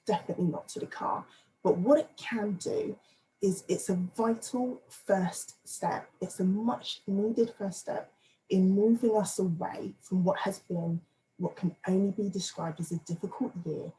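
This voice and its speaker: Playful woman pitching herself for a council seat. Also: mellow, a little hiss or hum, poor audio. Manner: playful, self-deprecating, earnest. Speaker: candidate for advisory council. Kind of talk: campaign speech on video call.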